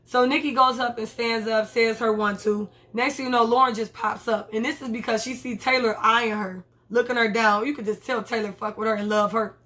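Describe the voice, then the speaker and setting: A woman's voice: fairly high pitch, fairly quick, few pauses. A young woman casually recapping a TV episode, swearing freely and acting out the characters' lines. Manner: animated, profane, acts out characters' lines. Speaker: TV episode reviewer.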